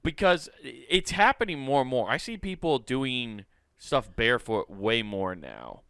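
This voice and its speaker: A man's voice: mid-range voice, big pitch swings, unhurried, creaky, a bit bright, smooth, dry recording, studio quality. A man co-hosting a comedy podcast, rambling through casual banter and laughing often at his own jokes. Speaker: podcast co-host.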